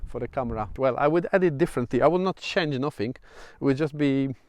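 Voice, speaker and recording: Man with a Polish accent, casual vlogger, halting delivery full of fillers, smooth voice, dry close sound. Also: medium pitch, a little mellow, no room sound. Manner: hesitant, many fillers and restarts. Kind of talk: casual vlog monologue. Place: outdoors at sunset.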